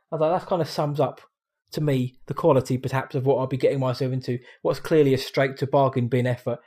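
A man's voice: mid-range voice, fairly even intonation, quick pace, a little mellow, slightly rough. A man casually chatting about films as a podcast co-host, quoting and mimicking lines. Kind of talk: casual film review chat.

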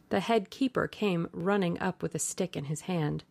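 Woman reading an old novel aloud, low voice, kinda gravelly, dry close sound. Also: darkish tone, no room sound. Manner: slow, measured storytelling. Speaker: audiobook narrator.

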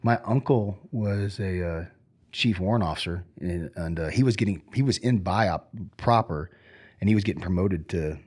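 Relaxed low-voiced man telling war stories. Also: normal speed, husky. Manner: relaxed, rambling with many fillers and restarts. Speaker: former Army Ranger sergeant, guest. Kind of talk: casual storytelling interview.

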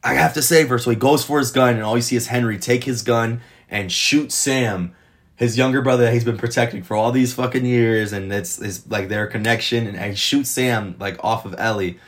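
A man casually reviewing a TV episode, retelling scenes in an excited, rambling way full of swearing. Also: mid-range voice, moderate pace. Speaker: TV show reviewer.

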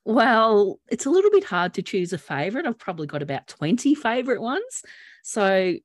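A woman co-hosting a podcast, telling personal stories in an earnest, animated way. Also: a little high, normal speed, no room sound. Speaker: podcast co-host. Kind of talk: casual chat.

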